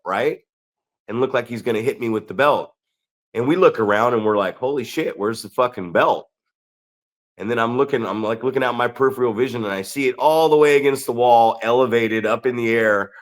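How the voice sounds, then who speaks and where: A man's voice: mid-range voice, a bit bright. A man co-hosting a podcast, telling a story in a casual, profane, rambling way and often checking in with "right?". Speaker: podcast co-host and pro wrestler.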